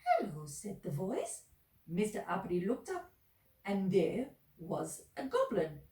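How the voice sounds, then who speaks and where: Storyteller: a woman reading to kids with a lively, sing-song delivery, echoey room, mic at a distance. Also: mid-range voice, takes it slowly.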